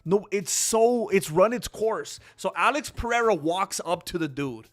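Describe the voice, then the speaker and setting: A man's voice: high-pitched, unhurried. Chatty man rambling on a livestream. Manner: rambling, animated, talks to chat viewers. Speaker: livestream host. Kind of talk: casual livestream chat.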